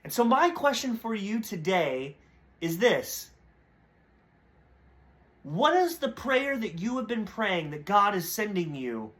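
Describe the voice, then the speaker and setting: Speaking slowly with frequent pauses and big pitch swings, a preacher with a high, bright voice delivers a short devotional message. He tells a parable in storytelling fashion, briefly acting out its characters before he draws the moral.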